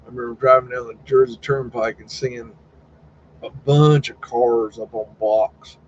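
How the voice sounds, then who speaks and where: At a medium pitch, a little slow and fairly even in intonation, a man hosts a live stream of casual, rambling talk. He's folksy, swears casually and reproduces conversations in quoted voices. Faint background noise and slightly dull audio.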